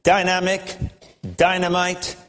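A man's voice: high-pitched, completely flat delivery, slow pace, a bit bright, soft background music. Storytelling male preacher in a reverberant hall. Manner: storytelling, wry with chuckles. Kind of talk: sermon.

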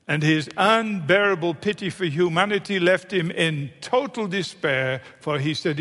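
Male preacher, high voice, pushes his points hard, long echo in a big hall. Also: measured pace, hardly any pauses, fairly bright tone. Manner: emphatic, repeats phrases for effect. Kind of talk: sermon.

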